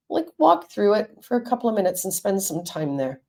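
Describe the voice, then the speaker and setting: A woman's voice: mid-range voice, big pitch swings, a little fast, gravelly, dark tone. A woman, a counselor and Reiki teacher, talking frankly and reassuringly to viewers in a live stream.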